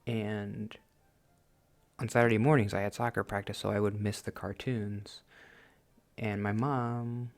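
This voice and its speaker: Speaking with vocal fry, a fairly low pitch and a level tone at a moderate pace, a late-twenties man hosts a gaming channel. His let's-play chatter wanders casually as he teases himself and laughs along.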